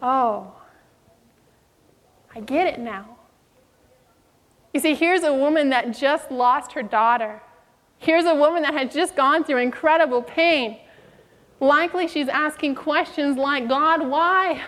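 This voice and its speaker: High-voiced woman preaching in a hall. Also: a little slow, long pauses, a bit bright. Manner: storytelling, acts out quoted voices. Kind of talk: sermon.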